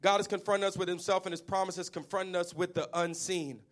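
A man preaching a sermon as pastor, impassioned, at times shouting refrains to the congregation. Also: sits high, fairly even intonation, fast talker.

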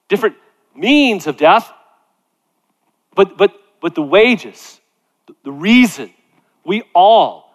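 A man's voice: high-pitched, a bit bright. A middle-aged male pastor preaching emphatically, repeating phrases and tossing in "right?" asides. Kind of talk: sermon. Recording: long hall reverb.

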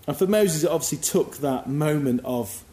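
A man's voice: a little high, lively intonation, moderate pace, dark tone, echoey room. A man giving a sermon in a reflective, musing, conversational way. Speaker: preacher.

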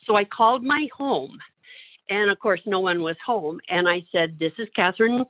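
A woman's voice: medium pitch, animated, normal speed, no echo. A woman working as a caseworker, telling an anecdote in a conversation and acting out the other people's voices as she goes. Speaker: caseworker placing clients in homes. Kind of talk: storytelling in a conversation. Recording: tinny phone-like sound, dry.

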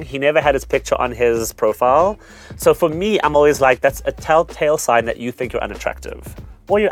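A young man co-hosting a podcast, telling a dating story in a teasing, animated way. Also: medium pitch. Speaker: podcast co-host. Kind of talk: casual chat, storytelling.

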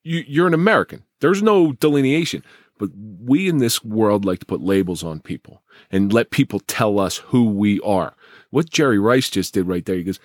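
A male podcast host with a low voice that swings widely as he gives blunt, emphatic opinions. The recording is close and dry. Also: animated, normal speed, no room sound. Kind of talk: conversational podcast talk.

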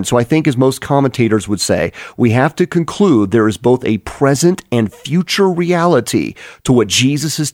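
A man's voice: mid-range voice, a little mellow, dry recording, studio quality. A man preaching an earnest, explanatory Bible teaching sermon, with frequent restarts as he works through the text.

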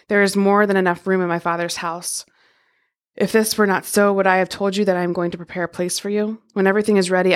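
Female podcast host, slightly low pitch, steady scripture reader. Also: gravelly. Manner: reads scripture aloud in a steady, even voice. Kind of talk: casual chat, then Bible reading.

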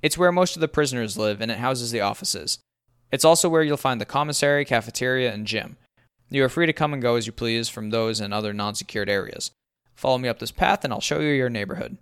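A man's voice: medium pitch, quick pace, a bit bright, smooth, lightly acted. A man voicing a chirpy, upbeat adult male prison camp warden in a spoken story. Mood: peppy. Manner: chirpy camp-counselor pep, whiny when crossed.

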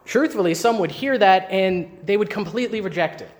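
A man's voice: high-pitched, animated, brisk. A man preaching a sermon, teaching emphatically and asking his listeners rhetorical questions. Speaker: pastor.

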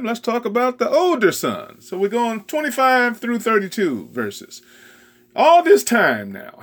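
Brief: animated male preacher, slow delivery, expressive sermon. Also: high-pitched. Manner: animated, exclamatory, folksy.

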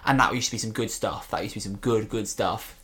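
A man's voice: lowish voice, fast, sharp tone. A British man co-hosting a podcast, chatting casually, rambling and trailing off into jokes. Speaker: podcast co-host. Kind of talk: casual chat.

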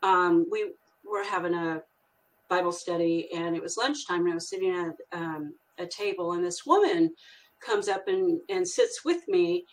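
A woman's voice: lowish voice, normal speed, rough recording. Rambling older woman telling a story. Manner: rambling, full of fillers and restarts. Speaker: guest author. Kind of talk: casual storytelling interview.

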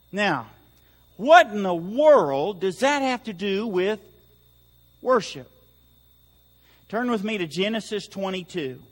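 A man's voice: high voice, fairly bright tone. A man preaching a sermon to his church, emphatic and building in volume, with touches of humor. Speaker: pastor. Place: church sanctuary. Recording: long hall reverb.

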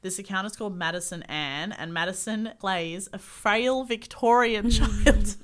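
A woman's voice: medium pitch, unhurried. An Australian woman co-hosting a podcast in giggly, playful casual chat. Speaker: podcast co-host.

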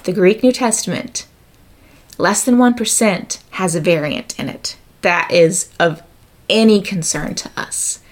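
A woman giving a methodical explanatory talk, working through examples and figures step by step. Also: medium pitch. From United States.

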